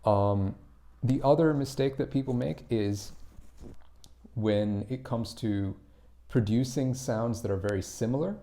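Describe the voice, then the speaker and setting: On a live stream, a man with a warm, mid-range voice teaches English pronunciation. He explains slowly and patiently, demonstrates individual sounds, and responds to viewers in the chat.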